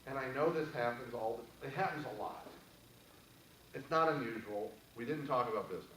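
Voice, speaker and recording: A man's voice: medium pitch, fairly bright tone, recorded from a distance, slight background noise. A man giving an earnest motivational talk to a live audience, telling stories and guiding listeners through a breathing exercise. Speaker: motivational speaker. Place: event room. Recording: echoey room, voice from afar.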